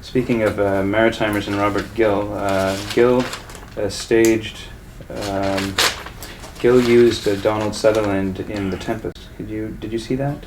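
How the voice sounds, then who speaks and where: A male interviewer asking careful, halting questions. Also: fairly low pitch, steady tone, crowd noise, rough recording.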